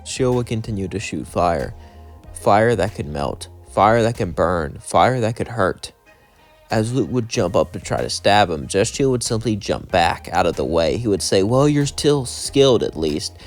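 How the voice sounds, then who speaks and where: A man's voice: deep voice, expressive, moderate pace, faint music behind. Man loosely narrating a fan story. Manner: rambling, loosely strung sentences.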